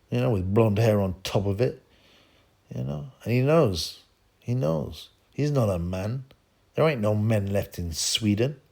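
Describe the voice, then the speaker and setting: A gravelly-voiced man talks into his mic, pouring scorn as he rambles through a solo boxing rant. His pitch sits mid-range, and he breaks off for laughs and throwaway "you know" asides. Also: a little mellow. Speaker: boxing channel host. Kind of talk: ranting solo commentary.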